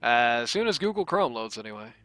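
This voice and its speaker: A man's voice: mid-range voice, sing-song, brisk, bright, forceful tone, no echo. A man hosting a stream, talking playfully through a casual post-game chat and reading stats aloud. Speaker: stream host.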